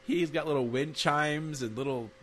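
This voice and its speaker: A man's voice: fairly high pitch, normal speed, a little hiss or hum. A man co-hosting a casual chat, laughing often and acting out quoted lines. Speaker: podcast co-host.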